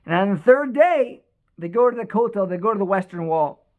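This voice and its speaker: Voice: mid-range voice, lively intonation, a little fast, narrow, tinny audio. A storyteller telling an inspirational religious story with emotion, repeating words and restarting sentences.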